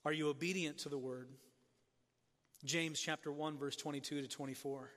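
A man preaching a sermon as pastor, earnest and questioning, often dropping soft and low for emphasis. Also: fairly even intonation, normal speed, long reverb tail.

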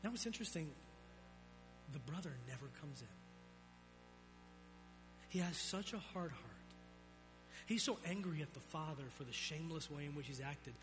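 A man preaching a sermon, swinging between loud emphatic peaks and low, quiet drops. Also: lively intonation, moderate pace, pauses often, over music. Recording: long reverb of a large hall.

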